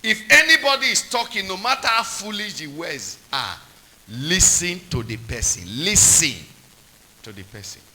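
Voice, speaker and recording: A man's voice: a little high, very animated, normal speed, sharp tone, low-quality recording. A man preaching a sermon, repeating points and quizzing the congregation with call-and-response questions.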